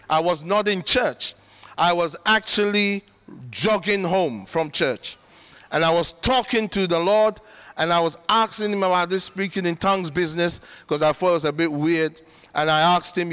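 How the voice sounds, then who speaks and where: High, bright-voiced man preaching. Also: clear, resonant tone. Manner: earnest, conversational, emphatic. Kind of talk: sermon. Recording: long reverb of a large hall.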